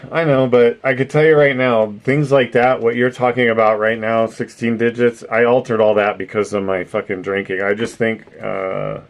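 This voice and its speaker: Rambling middle-aged man, lowish voice. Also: gravelly. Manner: rambling, laughs often, swears casually. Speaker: streamer host reading chat. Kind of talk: casual live-stream chat.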